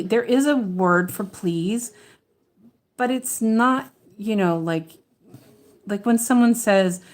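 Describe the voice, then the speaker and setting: Woman stitching and chatting at home, slow unhurried delivery, rambling with fillers and restarts. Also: mid-range voice, darkish tone. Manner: mutters to herself while checking her work. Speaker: cross-stitch vlogger. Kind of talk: casual chat while stitching.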